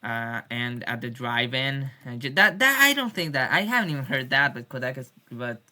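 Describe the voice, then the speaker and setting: Bright-voiced woman rambling about music. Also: extremely low pitch, very animated, moderate pace. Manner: rambling, irreverent, swears jokingly; many restarts and fillers. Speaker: music fan. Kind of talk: casual video diary rant.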